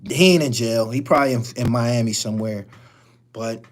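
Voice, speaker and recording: Blunt, profane call-in show host. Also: male voice, mid-range voice, normal speed. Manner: blunt, profane, rambling with restarts. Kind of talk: casual live-stream call-in talk.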